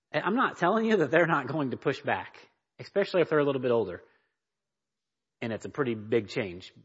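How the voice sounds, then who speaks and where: A man's voice: medium pitch, breathy edge. A man teaching a church parenting class, speaking emphatically and often checking in with his listeners. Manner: emphatic, checks in with "right?" and "okay?". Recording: dull lo-fi recording.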